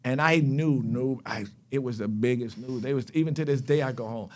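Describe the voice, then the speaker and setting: A man from North Carolina, a podcast guest telling a life story in an animated way and acting out scenes. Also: medium pitch, brisk. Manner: animated, acts out scenes and voices. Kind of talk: storytelling chat.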